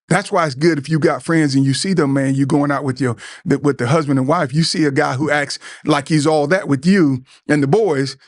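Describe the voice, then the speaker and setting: A man's voice: mid-range voice, no echo, studio quality. A middle-aged man hosting a show, giving an earnest motivational talk to other men, repeating words and acting out what friends might say. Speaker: podcast host.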